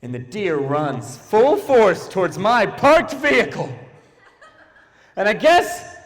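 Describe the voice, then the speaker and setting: A young man with a high, light voice doing stand-up in a church hall, animated and full of sudden character voices. His voice rings out with a long reverb trailing behind it. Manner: animated, jumps into quick silly character voices. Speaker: stand-up comedian. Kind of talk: stand-up comedy set. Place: church hall, live audience.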